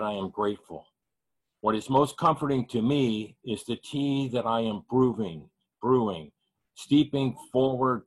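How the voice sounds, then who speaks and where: Slow, grieving man reading poetry. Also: lowish voice, poor audio. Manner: measured, heavy pauses, grieving. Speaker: poet reading at an open mic.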